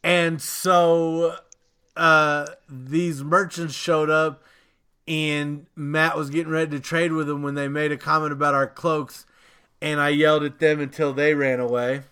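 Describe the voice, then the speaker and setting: A man's voice: a little high, flat delivery, unhurried, pushed and bright, clear, resonant tone. A man co-hosting a casual podcast, telling rambling stories and swearing freely. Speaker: podcast co-host.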